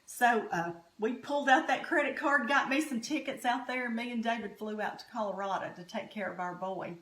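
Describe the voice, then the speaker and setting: A woman's voice: a little high, fairly quick. Middle-aged Southern woman, home cook host, folksy storytelling, roomy kitchen sound. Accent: Southern American. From Southern United States. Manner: homey, chatty, warm-hearted storytelling. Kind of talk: folksy cooking chat. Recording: echoey kitchen room.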